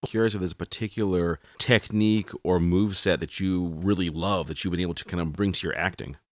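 A man's voice: low voice, steady tone, a little fast, no echo. A man hosting an interview podcast, asking curious, enthusiastic questions in a casual way. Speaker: podcast host.

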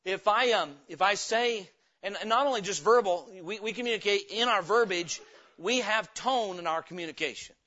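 Here a pastor speaks at a moderate tempo, his voice high, bright and forward. The delivery feels homey and conversational, full of folksy anecdotes, captured in a dull, lo-fi church recording.

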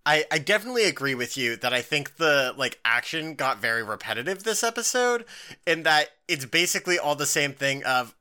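A young adult podcast co-host chatting casually, with a bright, sharp tone. The voice swings up and down a lot. The talk rambles, full of "like" and offhand swearing. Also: mid-range voice, lively intonation, moderate pace. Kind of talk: casual chat.

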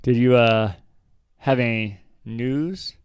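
A man's voice: medium pitch, slow pace, clear, resonant tone, no room sound. A young man hosting a casual gaming podcast. He rambles and thinks aloud, often putting himself down. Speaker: podcast host. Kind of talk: casual chat.

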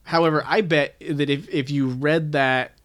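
Thoughtful man with a higher voice. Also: fairly even intonation, normal speed, fairly bright tone. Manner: thoughtful, self-questioning. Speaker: podcast co-host. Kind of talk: casual book-discussion chat.

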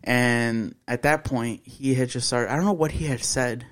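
A man's voice: mid-range voice, normal speed, a bit bright. A young man co-hosting a podcast, telling a story in blunt, profane casual chat. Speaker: podcast co-host.

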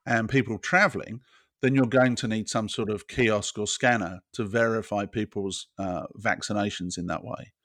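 A man's voice: lowish voice, steady tone, normal speed, a bit bright, no room sound, studio quality. A British man talking as a technology guest, explaining scenarios step by step in casual conversation. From Britain. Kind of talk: casual interview chat.

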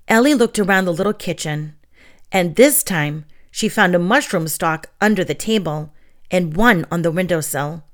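A woman reading a children's fairy tale aloud in an expressive, gentle storytelling manner. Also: on the low side, normal speed.

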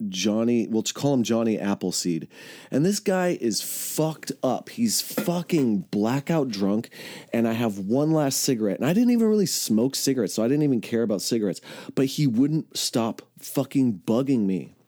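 Low mellow-voiced man telling a rambling story. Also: no room sound, studio quality. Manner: rambling, swears a lot, self-corrects mid-sentence; acts out quoted voices, jumping loud and high for his own retorts. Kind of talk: casual profane storytelling.

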